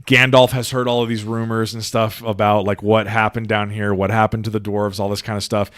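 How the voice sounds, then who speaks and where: A man's voice: on the low side, brisk, no room sound, clean studio sound. A man co-hosting a podcast, telling movie scenes in casual chat with lots of swearing and acted-out lines. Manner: excited, swearing storyteller who acts out scenes. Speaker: podcast co-host.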